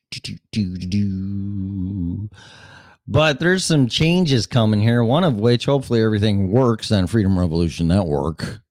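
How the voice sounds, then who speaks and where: Lively low-voiced rambling male podcast host. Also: no echo. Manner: profane, scattered, self-mocking. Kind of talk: casual rambling solo show.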